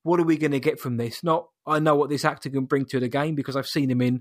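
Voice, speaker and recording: Measured man chatting, dry sound. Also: mid-range voice, steady tone, dry recording. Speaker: podcast co-host. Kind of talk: casual chat.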